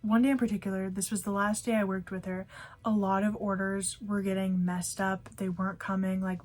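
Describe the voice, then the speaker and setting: A young woman talks straight to camera in a relaxed storytime vlog. Her speech is chatty and loose, full of fillers, and she tells the story as casual recollection. Her voice sits at an everyday middle pitch. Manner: chatty, lots of "like" and "you know" fillers. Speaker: vlogger; fast food worker.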